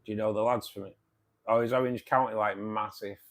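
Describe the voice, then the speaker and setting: A man's voice: lowish voice, steady tone, brisk. A man from the UK with a Manchester accent, hosting a casual livestream and chatting back to viewers' comments. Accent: Manchester English. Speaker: livestream host.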